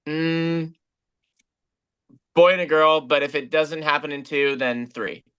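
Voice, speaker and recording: A man answers quick questions as a guest on a video call, relaxed and easily amused, often pausing with ums. His mid-pitched voice sounds bright and smooth. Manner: relaxed, hesitant with many ums, laughs easily. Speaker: guest musician. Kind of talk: casual video call interview.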